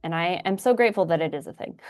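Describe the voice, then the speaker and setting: Encouraging low-voiced woman co-host. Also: a little mellow. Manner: upbeat and encouraging, laughs easily. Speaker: livestream co-host. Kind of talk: casual chat.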